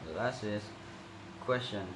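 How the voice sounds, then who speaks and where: A young male student slowly reading out a pronunciation assessment and demonstrating sounds. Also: lowish voice. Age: young adult. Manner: slow, careful, demonstrating sounds. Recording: echoey room with noticeable background noise.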